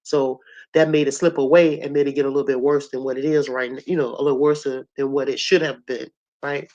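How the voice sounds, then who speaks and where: A hoarse woman with a cough, telling a story to her audience in a blunt, colorful, animated way. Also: a bass voice, a little fast, highs cut off. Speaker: host.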